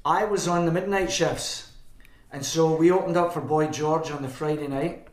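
A man's voice: a little high, fairly even intonation, normal speed. A man with a Scottish accent, a band frontman as a guest, telling long rambling anecdotes and correcting himself as he goes. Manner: rambling, self-correcting, chuckling. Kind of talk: anecdotal storytelling. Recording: roomy echo.

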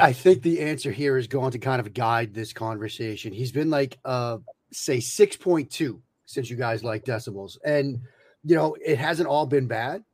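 A man's voice: mid-range voice, no echo. A man speaks as a guest analyst on a podcast, friendly and chatty. He often restarts his words and leans on fillers as he thinks aloud. The recording is dry. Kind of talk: casual podcast interview.

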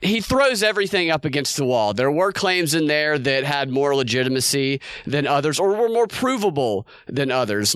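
A man co-hosting a podcast, talking over political news in a casual, animated way and acting out quotes. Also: a little high, smooth, no room sound. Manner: animated, quotes others in put-on voices. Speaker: podcast co-host.

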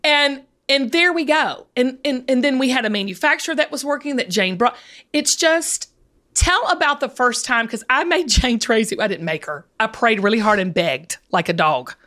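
Guest: woman, higher voice, gushing storyteller, excitable and quick to emotion. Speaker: podcast guest, TV seller. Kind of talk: casual chat.

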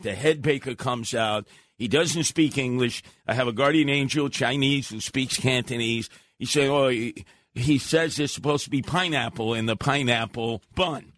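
An older man, co-hosting a talk radio show and telling loud, blustery stories in which he acts out his own shouting. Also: mid-range voice, moderate pace. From Brooklyn, New York. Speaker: radio co-host. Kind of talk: animated storytelling.

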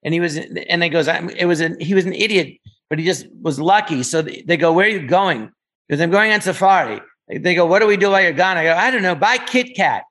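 An older man recounts an old sketch in a casual chat, slipping into the characters' lines as he tells it. His voice sits a little high for a man. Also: fast talker. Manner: animated storyteller acting out voices. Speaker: guest.

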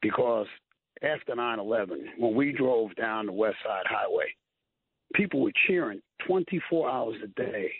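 A firefighter, calling in and telling stories earnestly, getting choked up and repeating himself. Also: male voice, on the low side, animated, normal speed, gravelly, slightly rough. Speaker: firefighter guest. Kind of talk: emotional call-in storytelling. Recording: tinny phone line.

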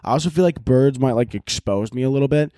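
A man hosting a solo podcast in casual chat, profane and rambling, mocking himself and jumping into loud, overdone voices to act out scenes. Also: medium pitch, fast talker, dry recording, studio quality. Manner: jumps to loud exaggerated voices when acting out scenes. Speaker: podcast host.

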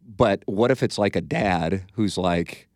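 A man's voice: low voice, measured pace, no room sound, clean studio sound. A middle-aged man hosting a radio-style podcast, telling profane, self-mocking stories in casual chat. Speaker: radio show host.

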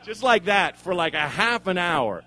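A man's voice: sits high, big pitch swings, normal speed, sharp tone, a little hiss or hum. Self-mocking rambling man on stage. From Oregon, USA. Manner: rambling, self-mocking, with frequent restarts and swearing. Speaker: stand-up comedian. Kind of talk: stand-up storytelling. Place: live comedy club stage.

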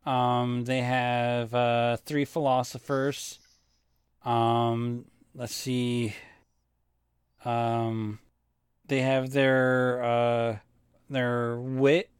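A man's voice: medium pitch, flat delivery, very slow, pauses often, clean tone, dry recording, studio quality. A man co-hosting a podcast, chatting casually and rambling through stories with plenty of swearing. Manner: rambling, swears freely when telling stories. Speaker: podcast co-host. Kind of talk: casual chat.

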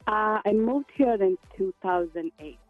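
A woman with a South African accent calling in to a radio show, answering briefly and softly. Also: medium pitch, a little slow, no room sound, soft background music. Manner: soft-spoken, brief answers. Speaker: caller. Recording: phone line.

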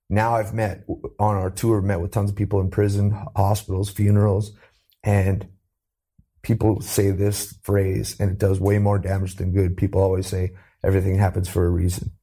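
A low, gravelly man with a husky, dark tone tells his own story in an interview. He is earnest and acts out what others said to him, lifting his voice for the quotes. He is from Canada. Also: steady tone, moderate pace. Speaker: interview guest.

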